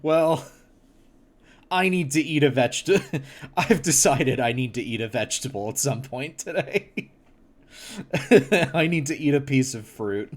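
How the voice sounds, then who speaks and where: A male streamer chatting on a livestream, loose and excitable, breaking into laughter and exclaiming in mock disgust. He talks slowly with plenty of pauses, at a middling pitch. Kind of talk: casual livestream chat.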